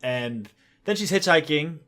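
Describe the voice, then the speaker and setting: A man's voice: on the high side, lively intonation, measured pace, fairly bright tone. A man co-hosting a podcast, recapping a story in a plain, matter-of-fact way. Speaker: podcast co-host. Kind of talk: casual recap.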